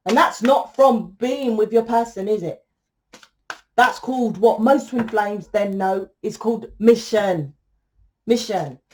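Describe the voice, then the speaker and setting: A woman's voice: medium pitch, measured pace. Woman, tarot reader, blunt, sweary and preachy, casual monologue. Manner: blunt, profane, lecturing the viewer.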